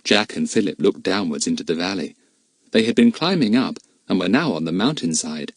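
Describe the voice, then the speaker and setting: A man narrating a children's adventure audiobook in a lively, expressive way. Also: low voice, a little fast, no echo.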